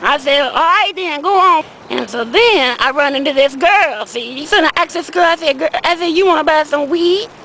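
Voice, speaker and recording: Uncle Dan, a woman doing a high-voiced rambling old man. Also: normal speed, few pauses, a bit bright, slight background noise, rough recording. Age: older. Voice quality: folksy, rambling, repeats "I said" and "see". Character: older Southern man, rambling small-time weed seller. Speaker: comic character monologue. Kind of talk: comedic storytelling in character.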